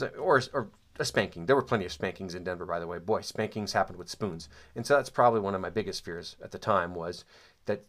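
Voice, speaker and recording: Low-voiced man, halting and wry. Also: a bit bright. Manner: hesitant, many ums and restarts; dry, wry asides. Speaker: storyteller. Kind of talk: casual spoken recollection of childhood.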